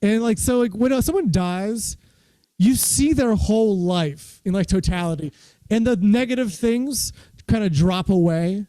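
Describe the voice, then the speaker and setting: A man's voice: high voice, a little slow, warm tone, no echo, rough recording. A man who is a stand-up comedian, telling rambling, self-deprecating stories in a casual chat over a video call.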